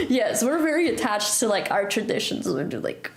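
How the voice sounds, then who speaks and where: A woman's voice: medium pitch, very animated, moderate pace, vocal fry, crowd noise. A young woman, chatting and giggling through a game stream. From Portugal. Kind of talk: live game stream commentary. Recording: echoey room with faint noise.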